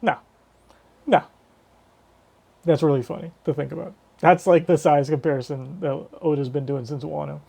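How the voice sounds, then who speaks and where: A man's voice: fairly high pitch, steady tone, normal speed, vocal fry, pauses often, darkish tone, breathy edge. A man giving casual live reaction commentary on a manga chapter, rambling and swearing casually as he thinks aloud.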